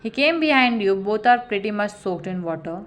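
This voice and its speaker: A woman narrating a second-person fan fiction story in a steady, plain storytelling manner. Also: medium pitch, brisk.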